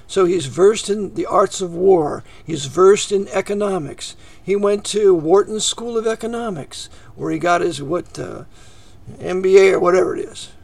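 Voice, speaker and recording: With a gravelly voice, a man preaches a fiery, ranting monologue to his listeners. He often erupts into shouts, then drops into low, quiet asides.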